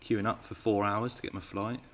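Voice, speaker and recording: A man's voice: lowish voice, flat delivery, brisk, a bit bright. A man hosting a live Q&A stream, chatting with viewers and reading out their comments. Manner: chatty and playful, teasing viewers. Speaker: RC car channel host.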